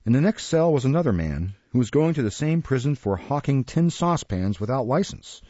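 A man reading a classic novel aloud as an audiobook narrator in a measured way. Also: mid-range voice, very animated, dark tone, no room sound, muffled recording. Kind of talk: scripted narration.

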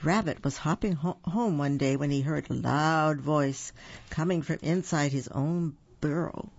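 Slow, gravelly storybook reader. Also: medium pitch, no room sound. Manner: gentle, explaining asides. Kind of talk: reading picture books aloud to children. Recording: dull lo-fi recording.

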